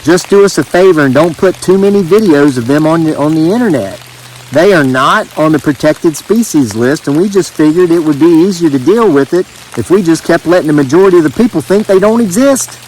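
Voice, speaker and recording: A man voicing a blunt, gruff male law officer with an Appalachian accent and a drawling manner. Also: fairly high pitch, animated, a little fast, a little mellow, a little hiss or hum, close to an everyday voice, low-quality recording. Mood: matter-of-fact.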